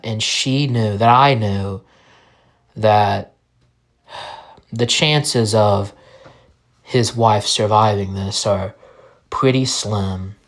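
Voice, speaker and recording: A man telling a first-person story in a halting, somber way. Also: mid-range voice. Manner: slow, halting, somber narration.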